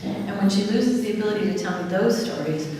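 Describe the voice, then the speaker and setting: A woman giving a lively public talk on dementia care, asking the audience questions and then answering them herself. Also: medium pitch, a little fast, slight background noise. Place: large hall. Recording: echoey hall from far off with faint ambience.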